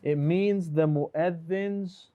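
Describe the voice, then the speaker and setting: A man teaches a live online class, asking question after question and gently correcting answers. His voice sits a little high for a man, and the sound is muffled and lo-fi, like call audio. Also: steady tone, drawn-out words. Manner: patient, questioning, switches between English and Arabic terms. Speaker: Arabic teacher.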